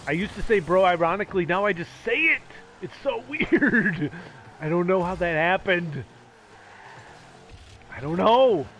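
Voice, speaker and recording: Sarcastic guy rambling on a game stream, kinda high voice, some faint noise behind him. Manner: rambling, sarcastic, yelling at teammates. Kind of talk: casual gaming stream chat.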